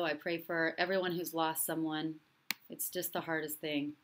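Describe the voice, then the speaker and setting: A woman with a somewhat low voice hosts a live-stream commentary show. She speaks with an impassioned, repeating rhythm and stops now and then to read out viewer comments. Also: steady tone, moderate pace, fairly bright tone. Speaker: host and relationship coach.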